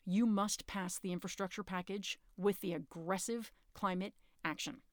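Woman podcast host, urgent and earnest casual talk, middling pitch, dry close sound. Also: fairly even intonation, normal speed, no room sound. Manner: earnest, urgent, rises in pitch when emphatic; informal, occasionally curses.

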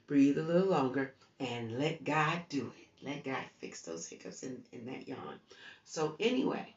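A woman from the United States gives an informal devotional talk in a conversational, repeating, urging style. She is hiccuping and yawning as she speaks, with some gravel in her voice. She sounds set back from the mic in a roomy space with a dull, muffled tone. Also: sits low, darkish tone, recorded from a distance. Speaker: preacher.

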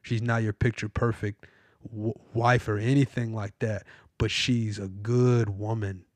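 A man's voice: lowish voice, flat delivery, unhurried, dry recording. A man hosting a biblical podcast, giving emphatic, repetitive advice straight to his listeners like a sermon. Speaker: podcast host. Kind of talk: preachy advice monologue.

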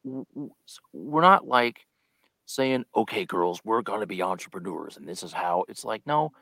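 A man's voice: fairly low pitch, very animated, moderate pace, vocal fry, bright, forceful tone, no echo. A man chatting as a guest on a live podcast, telling a story and acting out the lines he quotes. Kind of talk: casual live podcast chat.

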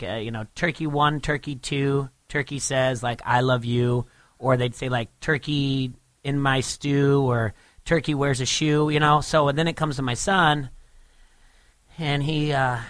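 A man's voice: mid-range voice, a bit bright, no echo. A man in his thirties co-hosting a sports radio show in a studio, telling a rambling story and laughing easily. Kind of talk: casual radio banter. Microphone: studio microphone.

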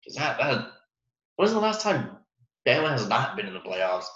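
A young man hosts a laid-back sports podcast solo, rambling with fillers and restarts while chuckling at his own jokes. His middle-pitched voice swings widely in pitch at a moderate pace, with a fairly bright tone. The recording sounds roomy, slightly dull and muffled.

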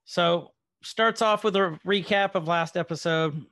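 A man's voice: high voice, unhurried, fairly bright tone, dry recording, clean studio sound. A man co-hosting a podcast, casually recapping a TV episode with lots of ums and trailing asides. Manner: rambling with many fillers. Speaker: podcast co-host.

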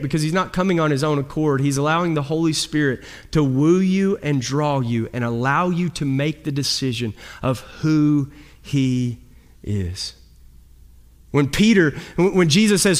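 A man preaching a sermon as pastor, his delivery swinging between loud, high emphasis and low, quiet drops. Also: animated, moderate pace.

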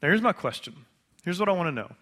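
Man, pastor, sermon, bright tone, conversational, dramatic pauses. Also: sits high, big pitch swings.

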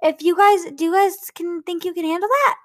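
A woman's voice: extremely high pitch, fairly quick, a bit bright. A woman interviewing in an improvised comedy sketch, skeptical and hesitant, often stammering.

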